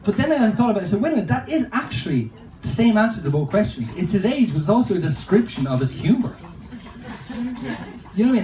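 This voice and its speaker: A man with a fairly high, very animated voice works through a stand-up set, telling loose, rambling stories with plenty of swearing. He sounds distant from the mic in a roomy space, with clear noise underneath. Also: fast. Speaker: stand-up comedian. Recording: roomy, distant, noisy live recording.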